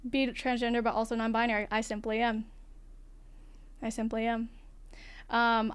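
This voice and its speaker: Candid non-binary streamer, light feminine voice. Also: female voice, on the high side, clear, resonant tone. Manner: candid, frank, swears casually, laughs often. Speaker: livestream host. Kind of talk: casual livestream chat, reading chat.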